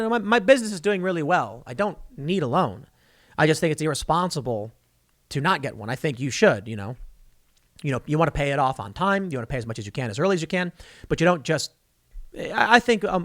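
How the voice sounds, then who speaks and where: Man, thirties, political commentary host, lively swinging pitch, dry close mic. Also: dry recording. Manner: opinionated, rambling, animated with mocking asides. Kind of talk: casual political commentary monologue.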